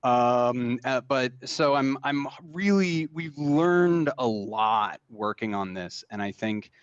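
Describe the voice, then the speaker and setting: A man's voice: medium pitch, expressive, takes it slowly, clean tone, dry recording, muffled recording. A man talking casually in an interview about making games, rambling with many fillers and restarts. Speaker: game designer guest.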